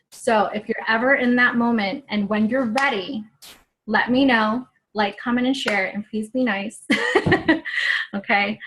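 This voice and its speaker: A woman's voice: on the high side, a bit bright, a little hiss or hum. A young woman telling her personal story as an online fitness coach, chatty and earnest, acting out what she said back then. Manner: chatty and earnest, acts out her own quotes. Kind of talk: personal story on a live video.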